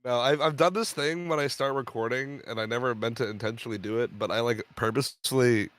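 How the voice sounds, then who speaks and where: A man's voice: medium pitch, fast, a bit bright, dry recording. A young man, a guest creator, chatting casually and rambling with lots of fillers. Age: young adult. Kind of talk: casual chat.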